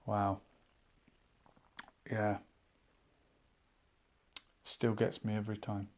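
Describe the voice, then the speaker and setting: A man hosting a live online chat show, musing out loud and reading viewers' comments aloud in a casual, thinking-aloud way. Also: lowish voice, completely flat delivery, very slow. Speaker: livestream chat host.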